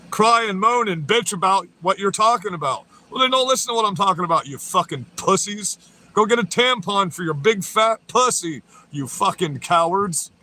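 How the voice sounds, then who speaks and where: A man's voice: high voice, pushed and bright. A man ranting on a livestream, profane, taunting and confrontational. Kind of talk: livestream rant.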